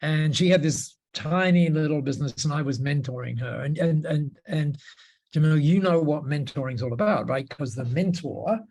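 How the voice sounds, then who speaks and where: A man with an Australian accent, a podcast guest telling a story with animation and repeating words when he gets excited. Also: fairly high pitch, normal speed, vocal fry. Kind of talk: storytelling interview talk.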